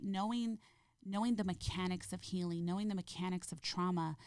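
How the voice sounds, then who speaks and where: A woman with a lower voice, a noticeable fry at the ends of her phrases. She speaks as a podcast guest in a gentle, heartfelt way. The sound is dry and close, with no room around it. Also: dry recording. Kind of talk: reflective interview conversation.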